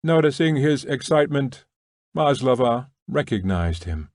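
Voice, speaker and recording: Brief: male narrator, middle pitch, measured novel reading, dry close sound. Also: sing-song, darkish tone, dry recording. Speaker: audiobook narrator. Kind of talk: scripted narration.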